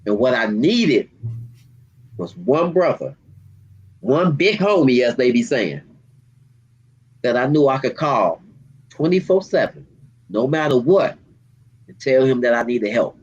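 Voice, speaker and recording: A man, a community activist, speaking with deep emotion and street slang in an interview, near tears. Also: very animated, a little slow, long pauses, breathy edge, highs cut off. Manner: heartfelt, storytelling, street slang. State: holding back tears.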